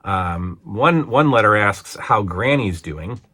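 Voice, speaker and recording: A man in his forties talks through an old wrestling show in a casual, meandering review. His voice sits a little low, and he rambles, stopping and restarting his sentences with plenty of fillers. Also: animated, slow pace, bright, forceful tone. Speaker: podcast host reviewing old wrestling shows.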